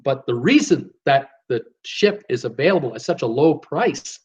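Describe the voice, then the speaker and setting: A man's voice: medium pitch, animated, moderate pace, a little mellow, slightly rough, highs cut off. A man hosting a live Q and A stream, reading viewer comments aloud and answering them in a jokey, rambling way with plenty of fillers. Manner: reads viewer comments aloud and responds chattily. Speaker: host.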